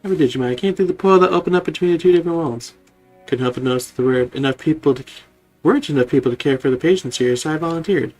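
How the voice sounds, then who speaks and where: A man voicing a kind male healer Digimon, reading game dialogue aloud in a polite, hurried way. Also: fairly high pitch, darkish tone, soft background music. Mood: caring.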